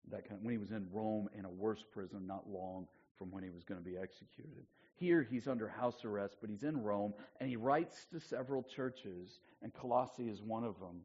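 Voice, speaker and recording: A man preaching a sermon as pastor, chatting with the congregation and swinging from loud emphasis to hushed asides. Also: mid-range voice. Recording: dull lo-fi church recording.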